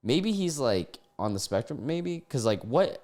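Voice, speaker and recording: A man's voice: mid-range voice, sing-song, unhurried, a little mellow. A man reacting to text screenshots at a desk mic, incredulous and often laughing, with casual swearing. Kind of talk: reaction commentary. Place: home room with a cat. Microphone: desk microphone.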